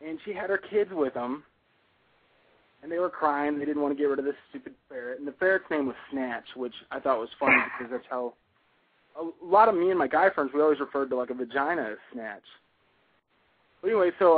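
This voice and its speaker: A husky-voiced young man tells a rambling story in an offhand, matter-of-fact way. His voice sits a touch high for a man. It comes through a tinny, dry phone line. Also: expressive, brisk, no echo. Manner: offhand, matter-of-fact about dark details.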